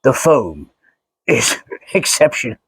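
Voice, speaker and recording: A man doing an amateur impression of a menacing masked male space villain, speaking slowly and stiffly. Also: medium pitch, big pitch swings, creaky, a bit bright, slightly rough, heavily acted. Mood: solemn.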